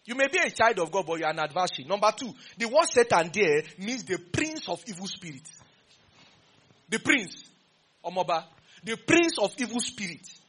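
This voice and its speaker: A man with a Nigerian English accent preaches a sermon, animatedly teasing and quizzing his congregation. His voice is high and husky at a moderate pace.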